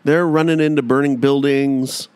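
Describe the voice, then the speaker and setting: A man co-hosting a comedy podcast in casual chat, animated, with self-mocking deadpan asides. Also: mid-range voice, normal speed, clear, resonant tone. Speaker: podcast co-host.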